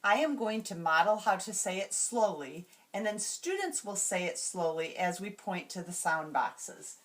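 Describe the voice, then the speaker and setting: A woman explaining classroom reading routines to teachers, slowly and carefully, and modeling each word sound by sound. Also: medium pitch, animated, a bit bright. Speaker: teacher trainer.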